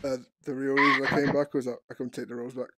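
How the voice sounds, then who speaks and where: A man's voice: medium pitch, level tone, fast talker, bright, forceful tone, soft background music. A man hosting a gaming comedy channel, teasing and crude in comedic virtual-world role-play, often breaking into laughter.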